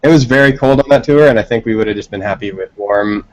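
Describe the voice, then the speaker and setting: A man's voice: on the low side, quick pace, highs cut off. A man, a band member being interviewed, telling a long story in casual, rambling talk with frequent laughs.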